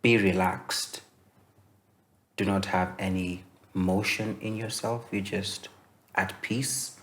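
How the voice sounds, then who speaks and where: A young man from Kenya teaching voice-over in a relaxed, explanatory way, with many fillers and restarts. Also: low voice, slow. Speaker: voice-over coach. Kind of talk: instructional masterclass.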